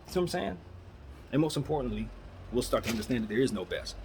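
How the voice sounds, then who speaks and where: A man in his thirties hosts a solo basketball talk show, offering casual, opinionated takes packed with rhetorical questions and repeated phrases like "that's how I'm looking at it" and "man." He talks quickly in a medium-pitched, sing-song voice with vocal fry, over some background noise.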